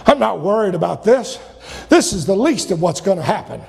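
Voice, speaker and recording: A man preaching a sermon as pastor, swinging from loud shouted peaks to sudden quiet drops. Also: high voice, big pitch swings, a little fast, creaky, in a large hall.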